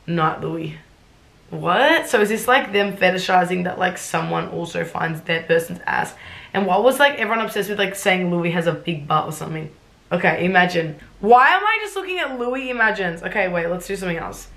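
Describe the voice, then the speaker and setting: A woman's voice: lowish voice, lively intonation, fairly quick, vocal fry, fairly bright tone. A woman, reacting bluntly and sarcastically on a casual vlog and swearing freely. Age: 20s. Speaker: YouTuber. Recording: roomy echo.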